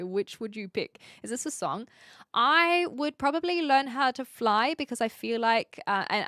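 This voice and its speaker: A woman's voice: a little high, a bit bright, clean tone, no echo, clean studio sound. A woman in her twenties with a New Zealand accent, chatting casually with her live stream viewers, laughing often and teasing herself. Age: 20s.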